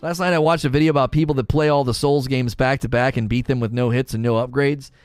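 A man chatting casually on a livestream, animated, ranting and laughing often. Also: mid-range voice, quick pace, clean tone, faint music behind. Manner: animated, rants and laughs a lot. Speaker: streamer.

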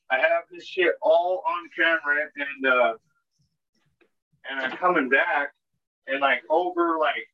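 A man, co-hosting a podcast and telling a story in a casual, rambling way, full of filler words and swearing. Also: on the high side. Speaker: podcast co-host. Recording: dull lo-fi podcast audio.

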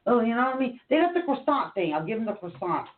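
A woman's voice: on the high side, sing-song, fast talker. A woman co-hosting a casual online teaching chat, joking around in a playful, goofy way. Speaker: co-host. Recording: tinny narrow-band online call audio.

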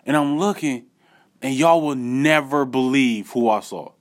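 A man tells a personal story in an easygoing, animated way. He talks straight to his audience with a mid-range voice, slangy asides and loose fillers. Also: mid-range voice, unhurried. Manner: animated, addresses viewers directly with slangy asides. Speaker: vlogger. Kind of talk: casual storytelling to camera.

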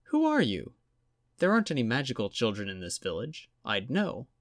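A man's voice: medium pitch, huge pitch swings, dry recording, clean studio sound. A man reading a story aloud and voicing a proud, chatty, lonely young female ghost in a raised, lilting voice. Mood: eager. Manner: eager rapid questions. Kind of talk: audiobook reading.

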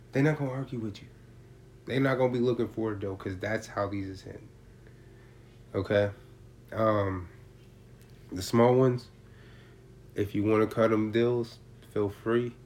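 A man in casual chat explaining his prices, talking in streetwise, profane slang and telling stories in an animated way. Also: lowish voice. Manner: animated storytelling with acted-out quotes.

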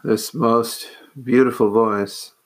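A man, a monk, telling a personal story in a measured, earnest way with hesitant pauses. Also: mid-range voice, flat delivery.

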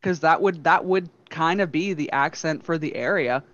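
A man telling a story in casual podcast chat, enthusiastic with quick asides. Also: on the high side, fairly bright tone. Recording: dry, slightly dull audio.

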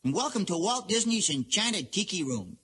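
Jose: a jolly parrot. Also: male voice, sing-song, normal speed, a little hiss or hum. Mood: cheerful. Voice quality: sing-song, bright and high. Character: cheerful sleepy male parrot showman.

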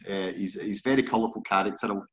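A man's voice: fairly low pitch, steady tone, fast, highs cut off. A Scottish man in his forties hosting a podcast interview in a chatty, self-deprecating way. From Scotland. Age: 40s. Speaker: podcast host. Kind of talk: casual interview chat.

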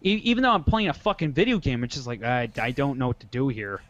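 A young man co-hosting a podcast, telling stories in a profane, animated casual chat. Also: mid-range voice, quick pace, dull audio. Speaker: podcast co-host.

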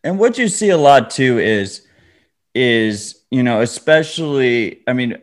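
A man's voice: mid-range voice, expressive, measured pace. A man co-hosting a podcast, chatting casually and ranting in a laid-back way. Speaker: podcast co-host. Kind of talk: casual chat.

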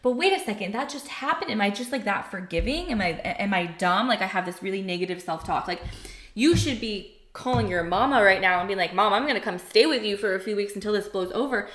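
A woman's voice: mid-range voice, fast talker. Candid woman telling a personal story. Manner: emotional, animated, acts out quoted voices. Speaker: podcast guest telling her story. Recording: roomy echo.

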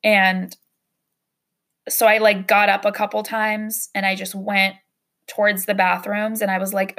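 Young woman podcaster, gravelly fry, open and emotional personal storytelling, casual swearing. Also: medium pitch, flat delivery, measured pace, pushed and bright. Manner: candid, emotional, with frequent fillers and swearing. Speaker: podcast host.

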